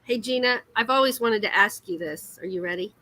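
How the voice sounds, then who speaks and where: A woman's voice: medium pitch, a little fast, sharp tone, low-quality recording. A woman, hosting a casual livestream chat while crocheting, giggly and self-deprecating. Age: 50s. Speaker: livestream host.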